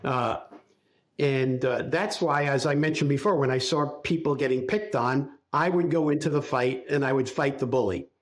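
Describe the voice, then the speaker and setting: An older man as a podcast guest, recalling his life in a reflective, halting storytelling way. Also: mid-range voice. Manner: reflective, speaks in halting restarts while recalling. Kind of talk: casual interview storytelling.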